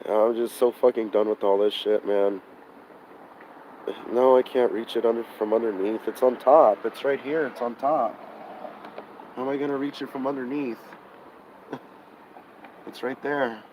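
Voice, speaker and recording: A man's voice: medium pitch, steady tone, measured pace, pauses often, darkish tone, a little hiss or hum, rough recording. Sick, fed-up man venting on a stream. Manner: frustrated, swearing, sighing, burnt out. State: sick, hoarse from coughing. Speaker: live streamer. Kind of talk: live-stream vlog, talking to chat. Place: outdoors beside a car at night.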